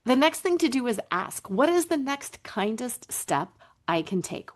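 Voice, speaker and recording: A woman's voice: sits high, very animated, a little slow. A middle-aged woman hosting a solo podcast as a recovery coach, talking in an earnest, emphatic way and repeating key phrases.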